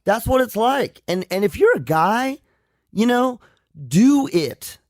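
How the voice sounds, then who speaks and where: Candid, halting male psychologist co-host. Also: very high voice, very animated, darkish tone, dry recording, clean studio sound. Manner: candid and self-deprecating, halting restarts. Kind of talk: casual radio chat.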